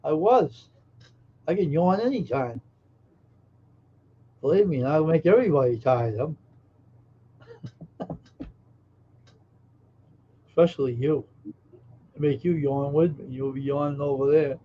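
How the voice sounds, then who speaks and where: A man co-hosting a livestream, talking in a gruff, grumbling way and laughing a lot. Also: fairly high pitch, measured pace, pauses often. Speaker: livestream co-host. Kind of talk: casual chat. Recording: dull lo-fi audio with faint noise.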